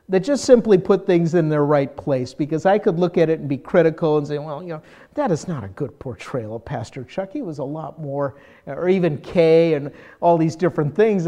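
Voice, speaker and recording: An older man, a pastor, preaching a sermon in a conversational, self-deprecating way, getting animated when he mimics people. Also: on the high side.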